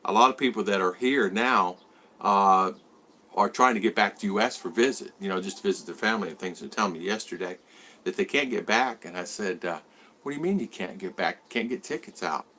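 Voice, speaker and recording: Bright-voiced man in his sixties, rambling. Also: lowish voice, brisk. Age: 60s. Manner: rambling, greets viewers by name and reads their comments. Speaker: vlogger host. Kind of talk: casual live-stream chat.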